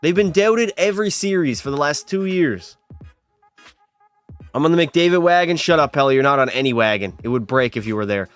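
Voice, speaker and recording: Chatty, teasing young man, slightly high voice. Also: animated, brisk, clean tone, soft background music. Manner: chatty, teasing, banters with chat. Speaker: streamer playing a hockey video game. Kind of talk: casual live-stream commentary, chatting with viewers.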